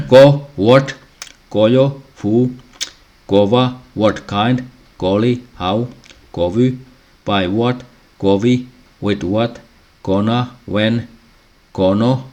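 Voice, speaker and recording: A man slowly reading out a language lesson, pausing often and clearing his throat between phrases. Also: mid-range voice. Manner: halting, frequent throat clearing. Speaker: language teacher.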